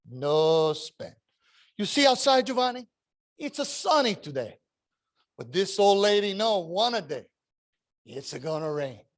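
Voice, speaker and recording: A woman's voice: lowish voice, exaggerated voice. A man voicing his elderly Italian grandmother, who speaks broken English in a heavy Italian accent and coaxes her grandson to save. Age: older. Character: old Italian grandmother, thrifty and doting.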